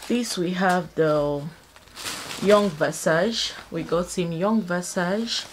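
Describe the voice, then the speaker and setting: A woman's voice: lowish voice, slow, slight background noise, rough recording. A mother vlogging at home, chatting casually to her viewers and calling them "you guys" and "my loves.". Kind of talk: casual vlog narration to viewers. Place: at home indoors.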